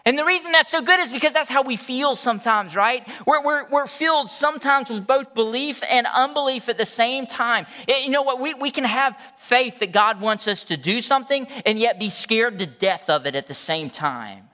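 A pastor preaching with real fervor, often stumbling and restarting his words as he presses a point. His voice is high and bright, and it rings out with the long reverb of a large church hall. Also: expressive, moderate pace, hardly any pauses. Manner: impassioned preaching with repeated restarts. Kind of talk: sermon.

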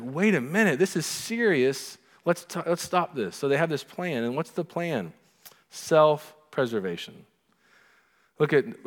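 A middle-aged man preaches a sermon with an animated, storytelling delivery. His voice sits at an ordinary pitch. He sounds like he is in a church, with a long reverb of the hall trailing each phrase. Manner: animated preaching, acting out quoted lines. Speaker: pastor.

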